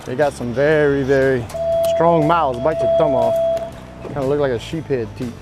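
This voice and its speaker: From a boat out on the Gulf, a man with a medium-pitched voice hosts a fishing show, offering relaxed, joking tips at a normal speed while he fishes. The low-quality recording has background music playing over his voice.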